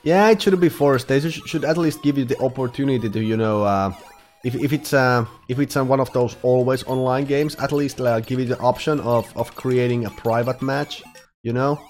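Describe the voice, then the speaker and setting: A man's voice: mid-range voice, moderate pace, darkish tone, faint music behind. A man streaming a game live, chatting casually, rambling with restarts, swearing and laughing often. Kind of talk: casual live-stream chat while gaming.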